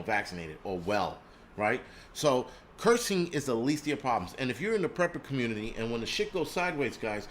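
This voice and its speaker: A man's voice: mid-range voice, fairly bright tone, a little hiss or hum. A man from the United States hosting his own channel, talking bluntly in a profane, rambling rant. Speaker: channel host. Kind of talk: casual livestream rant.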